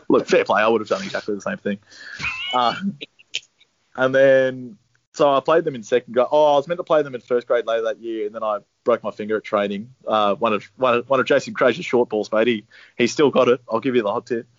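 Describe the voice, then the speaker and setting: A young Australian man tells a long anecdote at a fairly quick pace, laid-back and swearing freely. His voice is mid-range, and the recording is dry and slightly dull, with no room sound.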